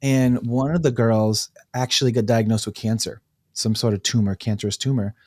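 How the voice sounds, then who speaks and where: A man, a guest on a talk show, telling stories in an animated way, acting out quotes and laughing easily. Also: medium pitch, moderate pace, no room sound. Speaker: breathwork facilitator, guest. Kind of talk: casual storytelling interview.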